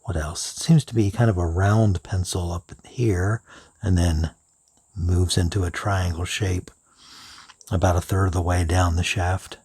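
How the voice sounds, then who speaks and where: A man with a very low, husky voice talks through a product review, musing aloud at an unhurried pace and slipping into soft whispered asides. The sound is close and dry, with no room around it. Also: steady tone, no echo. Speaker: pen reviewer.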